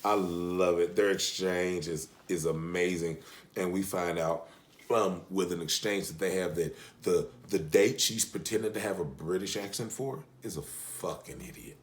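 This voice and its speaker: A man's voice: deep voice, normal speed. A man reviewing a TV episode in casual recap chat, joking and swearing, with asides to his wife. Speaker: TV show reviewer.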